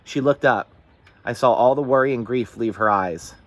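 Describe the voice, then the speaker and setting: A man reading a novel aloud in the first person, with steady, earnest storytelling. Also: mid-range voice, moderate pace. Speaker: audiobook reader.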